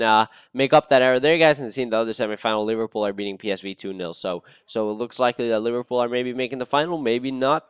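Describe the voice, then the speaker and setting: A young man hosting a gaming channel, giving casual, excitable gameplay commentary with cursing and sudden bursts of outrage. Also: mid-range voice, clean tone, no echo.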